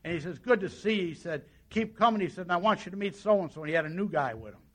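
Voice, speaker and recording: A man with a notably high-pitched voice speaks to a meeting audience as he shares his own recovery story. He tells it in a folksy, conversational way and keeps acting out the dialogue of the people in it. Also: expressive, quick pace, fairly bright tone. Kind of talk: personal testimony to an audience.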